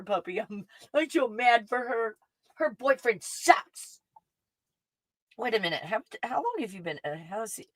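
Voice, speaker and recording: A woman's voice: mid-range voice, a bit bright, no room sound, low-quality recording. A woman hosting a casual livestream, reading viewer comments and ranting with lots of swearing and laughter. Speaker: livestream host.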